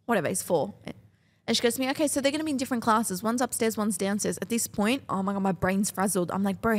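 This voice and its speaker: A young woman tells a chaotic story on a podcast. Her voice sits a little high, and she swears freely and acts out what everyone said. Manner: animated, swearing, acts out other people's lines. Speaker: podcast co-host. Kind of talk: casual storytelling chat.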